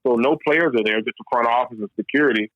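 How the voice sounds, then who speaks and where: Fast and mid-range in pitch, the voice belongs to a former pro baseball player from Louisville, Kentucky, chatting through his story in a casual interview. He's animated, peppers his talk with "man," and often starts over, on dull, lo-fi, dry audio.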